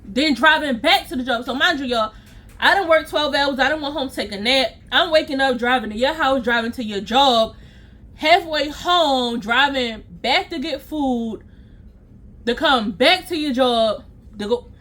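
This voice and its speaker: A young adult woman, casually telling a storytime vlog, animated and slangy, laughing at herself. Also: high voice, measured pace. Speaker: storytime vlogger.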